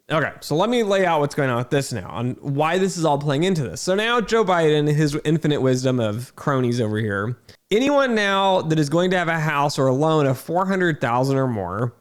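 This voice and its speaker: A man ranting in a frustrated, emphatic way, repeating himself with fillers and restarts. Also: a little high. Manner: irritated and incredulous. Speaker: video host. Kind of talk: frustrated talking-head rant.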